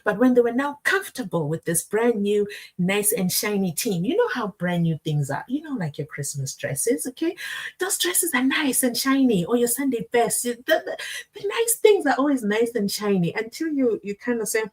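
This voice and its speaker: A woman hosting a casual livestream, chatting to her viewers and reacting to a docuseries with lively asides. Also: on the high side, normal speed, husky. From South Africa. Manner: chatty and animated, addresses the chat directly, sidetracks.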